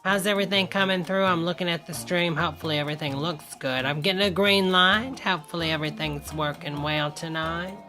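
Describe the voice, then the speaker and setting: A woman's voice: lowish voice, fairly even intonation, fairly quick, hardly any pauses, over music. An older woman, hosting a casual live stream and chatting folksily with viewers, calling everyone honey.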